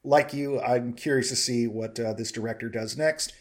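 Measured man reviewing films. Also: mid-range voice, steady tone. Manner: measured, thoughtful, frequent restarts. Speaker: film review podcast co-host. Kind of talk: casual film review chat.

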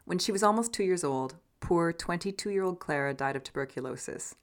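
A woman co-hosts a podcast, telling the story in an earnest, scripted style. Her voice sits low for a woman. She narrates steadily and with feeling. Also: animated, brisk. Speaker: podcast co-host.

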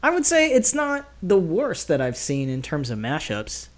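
A woman's voice: on the low side, wildly swooping pitch, normal speed, crowd noise. A woman in casual podcast chat, laid-back and opinionated.

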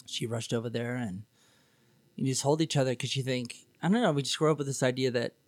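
A man's voice: mid-range voice, a little fast, dry recording. A man, a podcast guest, telling his own story in a candid, sarcastic, rambling way with many fillers. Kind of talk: casual storytelling.

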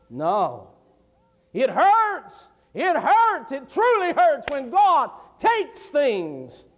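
High, animated man preaching. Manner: folksy storytelling, rising to fervent declamation. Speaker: evangelist preacher. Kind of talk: preaching a sermon. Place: church sanctuary. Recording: long church hall reverb.

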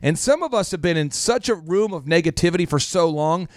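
A man hosting a business talk radio show as a coach, speaking in an animated way and repeating phrases for emphasis. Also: fairly high pitch, a little fast, no room sound, studio quality.

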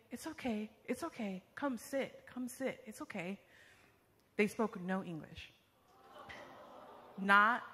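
Young woman, bright and forceful, sharing a storytelling testimony in a reverberant sanctuary. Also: fairly low pitch, slight background noise. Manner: vivid storyteller, frequent fillers like "like" and "um". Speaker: church member giving testimony. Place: church sanctuary. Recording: long reverb of a large hall.

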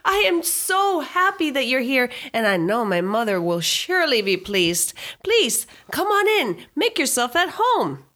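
A woman's voice: very animated, measured pace, few pauses, sharp tone, exaggerated voice. A woman voicing an overly polite four-year-old boy with a prim, formal manner, in a joke she is telling. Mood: prim, delighted. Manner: prim, formal, sweetly high.

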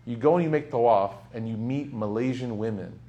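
A young man giving a casual, humorous sermon, telling stories with sudden loud bursts. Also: medium pitch, brisk, dull audio. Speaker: Islamic speaker.

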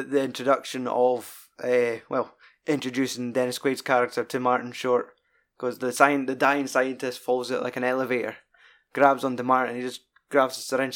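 A man's voice: medium pitch, normal speed. A man with a Scottish accent chatting casually about films, rambling and swearing often. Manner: sweary, rambling and animated retelling. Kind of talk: casual film chat.

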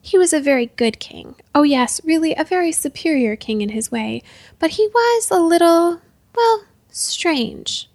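A fussy old male minister hedges politely and hesitates, voiced by a woman reading aloud. The voice is fairly high and close, with no room sound. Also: expressive, a little fast, few pauses, a little mellow, no echo. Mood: hesitant.

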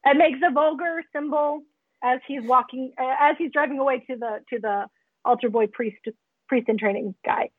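A woman co-hosting a casual podcast about a film, chiming in with quick laughing asides and enthusiastic reactions. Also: high-pitched, slightly rough, dry recording. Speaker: podcast co-host. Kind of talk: casual movie recap chat. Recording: muffled phone-line call audio.

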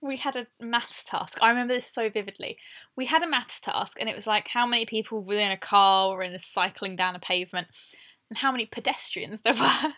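Southern English woman in her twenties, bright tone, casual podcast co-host who laughs easily. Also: fairly high pitch, brisk. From southern England. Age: 20s. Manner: chatty, laughs often, quotes people in put-on voices. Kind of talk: casual chat.

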